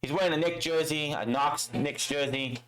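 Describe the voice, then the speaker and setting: A man's voice: a little high, normal speed, a bit bright, rough recording. A man recapping a wrestling show in a casual, profane way, acting out the lines he quotes.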